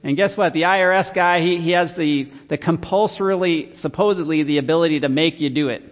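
Male Bible teacher, conversational sermon, fairly high voice, long hall reverb. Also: fairly quick. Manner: conversational, rhetorical questions. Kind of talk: evening Bible study sermon.

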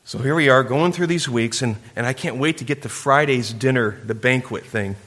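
A man's voice: medium pitch, normal speed, fairly bright tone. A man preaching a sermon, telling a story and acting out kids' voices in a playful way. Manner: storytelling with playful camper impressions. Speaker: pastor. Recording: long hall reverb.

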